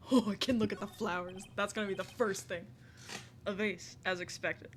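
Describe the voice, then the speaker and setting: Casual, playful streamer, reads game text aloud, lots of giggling, chatty gaming stream. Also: female voice, medium pitch, fairly even intonation, moderate pace, slight background noise. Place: home desk with a squeaky chair.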